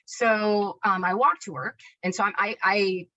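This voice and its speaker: A woman clinician explaining a concept in an energetic webinar talk, often checking in with "right?" and restarting her sentences. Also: mid-range voice, measured pace, highs cut off. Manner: energetic, self-described hyperactive, many tag questions and restarts.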